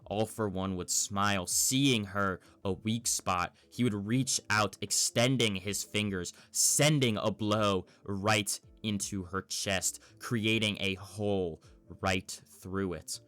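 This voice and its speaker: A man narrating a fan story in a measured storytelling manner. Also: fairly low pitch, fairly even intonation, a bit bright, faint music behind.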